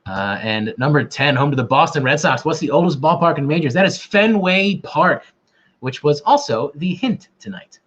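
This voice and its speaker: A man hosting a trivia night over a livestream, rambling and poking fun at himself between answers. His pitch swings up and down a lot. The audio is dull and lo-fi. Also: animated, normal speed, fairly bright tone. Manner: joking, rambling, self-deprecating. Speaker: quiz host. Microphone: camera mic.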